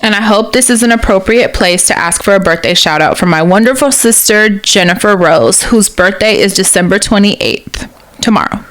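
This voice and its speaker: A woman co-hosts a podcast in a middle-pitched voice, playful and quick to laugh. She chats casually and reads a listener letter aloud. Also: a bit bright. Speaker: podcast co-host.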